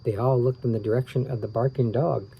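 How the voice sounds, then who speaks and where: A man reading a children's book aloud, relaxed and tired, stopping for small asides and rereading his slips. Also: mid-range voice, fast, gravelly, highs cut off, slight background noise. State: tired, yawning. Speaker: reader of children's books.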